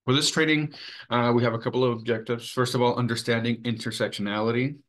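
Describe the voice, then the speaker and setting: A man presenting a training webinar in an earnest, measured way, with many fillers. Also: mid-range voice, fairly even intonation, fairly bright tone. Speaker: webinar presenter for a sexual assault coalition.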